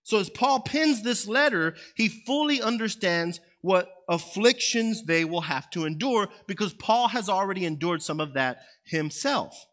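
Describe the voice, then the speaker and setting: A man's voice: high voice, lively intonation, unhurried, hardly any pauses, a bit bright. A man preaching a sermon in a conversational way, often checking in with "right?" and "okay?". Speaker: pastor.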